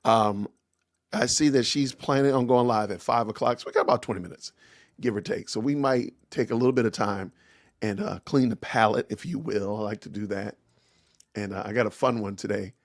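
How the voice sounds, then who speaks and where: A man's voice: on the low side, brisk, creaky, no echo. A man hosting a podcast livestream, chatting casually in an easygoing way with many fillers, close to his streaming mic. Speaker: podcast host.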